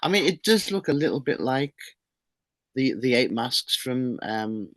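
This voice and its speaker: This interview guest, a middle-aged man who publishes a horror magazine, chats casually, rambling with enthusiasm and restarting frequently. He has a medium-pitched, fairly bright voice with lively intonation and an unhurried pace, recorded without echo.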